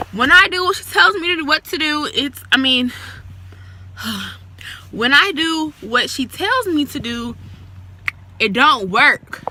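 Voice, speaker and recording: A young woman talking casually to her phone camera in a chatty, slangy, rambling way, partly outdoors by a parked car. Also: sits high. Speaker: vlogger. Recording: loud street noise outdoors.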